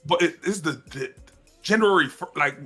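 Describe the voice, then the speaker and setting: A high-pitched man with a bright, forceful tone rambles through his point on a gaming podcast, restarting sentences as he goes. Faint music plays underneath. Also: normal speed. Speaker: podcast co-host. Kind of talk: casual chat among friends.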